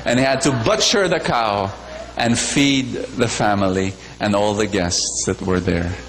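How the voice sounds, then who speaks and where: A man's voice: lowish voice, unhurried. A man preaching a sermon in a large church, repeating phrases, questioning his listeners and telling a fable. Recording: long church reverb, faint hum.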